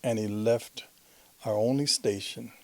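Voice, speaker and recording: A man's voice: lowish voice, fairly even intonation, a little slow, darkish tone, no echo. A man hosting a talk show, talking in an earnest, conversational way. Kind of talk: casual interview talk.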